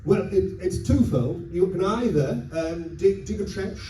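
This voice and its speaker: A man with a high voice improvises as the king in a live comedy game, hesitant and full of fillers. He sounds far from the mic in a big, echoing hall, with noise running behind him. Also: lively intonation, unhurried. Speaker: guest player as the king. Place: large convention hall with live audience. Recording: echoey hall, distant mic, background noise.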